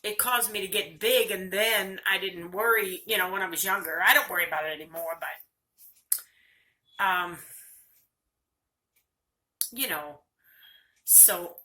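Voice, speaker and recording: A woman's voice: medium pitch, unhurried, pauses often, sharp tone. An older woman talking candidly and earnestly in a personal video monologue, speaking straight to her viewers. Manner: candid, earnest, close to tears at times. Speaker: vlogger.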